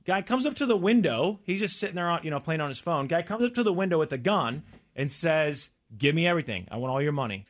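Fast-talking man telling a story. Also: fairly high pitch. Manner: storytelling, quotes others in lively voices. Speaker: podcast co-host. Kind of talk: casual chat.

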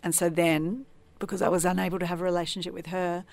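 A woman's voice: lowish voice, flat delivery, quick pace, gravelly, darkish tone. A woman from Tasmania, a podcast guest, telling her personal story in an earnest, reflective way. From Tasmania, Australia.

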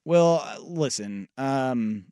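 A man's voice: mid-range voice, lively intonation, takes it slowly, warm tone, clear, resonant tone, dry recording, clean studio sound. A man co-hosting a sports radio show, talking casually with frequent ums and uhs. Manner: hesitant, lots of ums and uhs.

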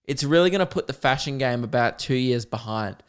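A man's voice: medium pitch, lively intonation, brisk, clear, resonant tone. A young Australian man hosting his own podcast, talking in a rambling casual monologue, laughing often and swearing freely. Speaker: podcast host.

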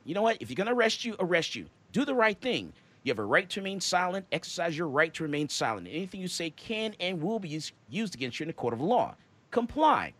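Animated preachy radio host, man. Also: high voice. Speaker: radio talk show host. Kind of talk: radio talk monologue.

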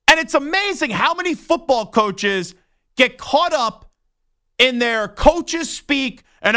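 A young man on a sports talk show launches into a heated, indignant rant, his bright, tense voice pushing hard. He sounds fired up and disgusted. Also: extremely high pitch, big pitch swings, moderate pace. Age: young adult. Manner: indignant, worked up, ranting. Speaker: sports radio host.

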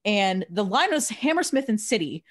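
Animated young woman sports co-host. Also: mid-range voice, normal speed. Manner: animated storytelling, jokey. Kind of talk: casual chat.

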